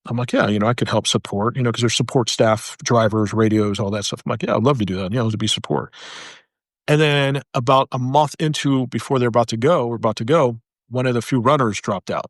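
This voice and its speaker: A military veteran, a man, earnestly telling his personal story, halting and repeating phrases for emphasis, and speaking softly in the heavy moments. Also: medium pitch, no room sound, clean studio sound.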